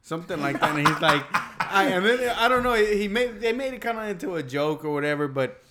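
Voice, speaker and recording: A man's voice: high-pitched, lively intonation, brisk, background noise. A man co-hosting a podcast, talking casually and thoughtfully, with hesitant restarts. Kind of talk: casual chat.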